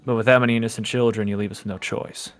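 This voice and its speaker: A man voicing a gruff, suspicious guard of a walled town, speaking curtly. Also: fairly low pitch, flat delivery, rapid-fire, soft background music, pitched below the performer's own voice, lightly acted. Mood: wary. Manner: curt, suspicious.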